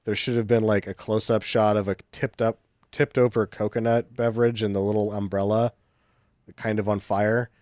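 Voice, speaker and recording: A man co-hosting a podcast, tossing out deadpan jokes about a film in casual talk. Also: on the low side, moderate pace, dry recording, clean studio sound. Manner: joking, deadpan wisecracks. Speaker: podcast co-host. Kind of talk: casual movie riffing.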